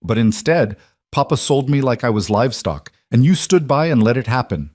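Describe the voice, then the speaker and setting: A man voices a young bride, raw, angry, and trapped, who grows bitter and pleading as her voice rises against her mother. His natural, mid-range voice is a little mellow, with lively intonation and a moderate pace. The studio-quality recording has no room sound.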